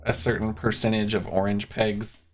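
A man's voice: fairly low pitch, flat delivery, normal speed, faint music behind. A man streaming from his desk, chatting casually and bluntly while explaining a game's rules. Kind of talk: casual live-stream chat. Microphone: desk mic on a streaming setup.

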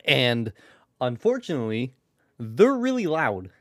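Here the voice is mid-range, sing-song, and a bit slow, belonging to a live streamer casually chatting from their room at home. Rambling and frequently swearing, they hold their volume down, picked up by a desk microphone set to lower sensitivity.

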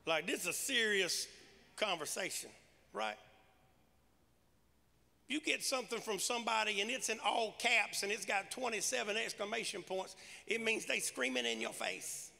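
A man preaching with a high, gravelly voice that has a bright, forceful edge. His delivery is punchy and conversational, and long reverb trails his words around a large church sanctuary. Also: animated, moderate pace. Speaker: pastor. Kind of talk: sermon.

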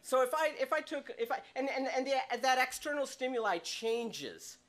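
A male preacher delivering a sermon from a church, his voice swinging widely in pitch as he gets excited. He talks in an animated way, laughs often, and acts out the people in his stories. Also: normal speed. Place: church sanctuary.

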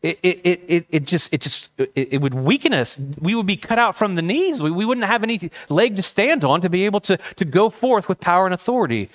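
A man's voice: high-pitched, animated, fairly quick, hardly any pauses. A male pastor preaching a sermon, earnest and impassioned, telling personal stories. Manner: storytelling with personal anecdotes. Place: church.

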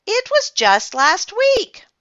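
A shrill, bossy know-it-all schoolgirl from a children's storybook, acted by a woman reader, high-pitched and eager to be picked. Her voice swoops up and down. The recording is dry and a little muffled. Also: huge pitch swings, slow pace, a bit bright, dry recording, full character voice. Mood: scolding.

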